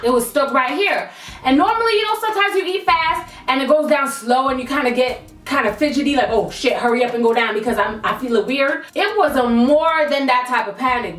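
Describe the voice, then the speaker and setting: A young woman telling a storytime vlog in a lively, slangy way, swearing freely. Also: high-pitched, roomy sound, recorded from a distance. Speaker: vlogger.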